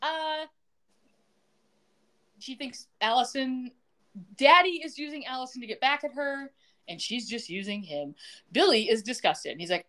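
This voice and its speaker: This woman's voice is high and unhurried, with long pauses. As a podcast co-host, she gives a casual recap of a TV episode, performing the characters' lines in an animated way and laughing along.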